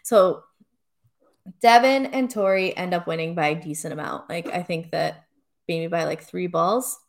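A woman's voice: fairly low pitch, unhurried, creaky. A young woman co-hosting a podcast, chatting casually with lots of fillers and frequent laughs. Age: young adult. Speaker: podcast co-host. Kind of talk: casual chat.

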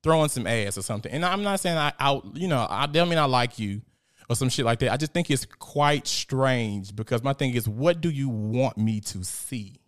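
A young man hosts a casual live stream, talking in an animated, profane way and reading out viewer comments. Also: mid-range voice, normal speed. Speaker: host.

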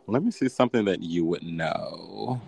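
A man chatting casually with a co-host, playing a guessing game, playful and animated, his voice jumping high when he teases. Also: normal speed, creaky, background noise.

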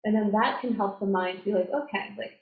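A woman success coach talking in a casual, animated way, full of fillers and acted-out quotes. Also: medium pitch, a little fast, narrow, tinny audio. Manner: animated, filler-heavy, acts out quoted voices. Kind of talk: casual conversational interview. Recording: roomy echo, faint noise.

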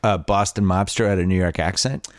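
A man's voice: sits low, fairly even intonation, brisk, no room sound, clean studio sound. A man hosting a podcast, chatting casually with strong, joking opinions. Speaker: podcast host.

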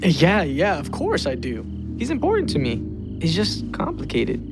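A man's voice: on the high side, huge pitch swings, moderate pace, music in the background. An actor playing a reflective, unsure teenage boy writer who talks with a wry, hesitant manner in a scripted audio drama.

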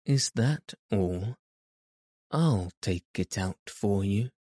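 A man voicing a kind, timid young girl in a storybook reading, gentle and eager. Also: on the low side, lively intonation, drawn-out words, no echo, studio quality, heavily acted.

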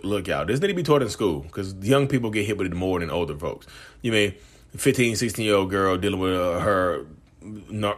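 Brief: man, low voice, loose conversational vlog host, chatty asides to his audience. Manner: rambling, conversational, frequent restarts and asides to viewers. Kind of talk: casual talk to camera.

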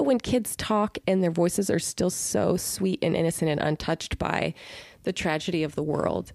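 A middle-aged woman co-hosting a podcast, chatting and telling stories with quick asides. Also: on the low side, creaky, darkish tone, no echo, studio quality. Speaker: podcast co-host. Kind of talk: casual chat.

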